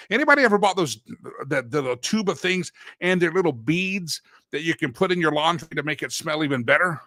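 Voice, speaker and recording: A man's voice: fairly high pitch, animated, fairly quick, bright, forceful tone, no room sound. A middle-aged man from Texas hosting a talk show, rambling and joking in casual chat. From Deep East Texas. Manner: rambling, joking, self-interrupting.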